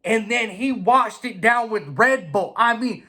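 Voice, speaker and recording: A bright-voiced man spinning a profane, rowdy drag racing yarn, jumping between a low mutter and sudden shouted imitations. His delivery is animated and comic, with lots of swearing and playful voices. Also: measured pace. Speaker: drag racer telling a race story. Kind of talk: profane storytelling monologue.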